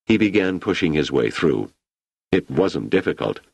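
Very deep, gravelly male narrator. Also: sing-song, normal speed, a little mellow, no echo. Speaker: audiobook narrator. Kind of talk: scripted narration.

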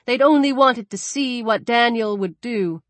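A woman reading a thriller audiobook aloud with expressive, varied delivery. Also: fairly high pitch, measured pace, dry recording. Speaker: audiobook narrator. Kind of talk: scripted audiobook narration.

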